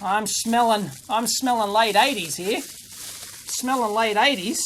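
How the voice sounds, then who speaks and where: Excitable Australian man, high chatty voice. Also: a little hiss or hum. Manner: excitable and chatty, quick exclamations and chuckles. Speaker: electronics video host. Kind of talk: casual hands-on mailbag unboxing.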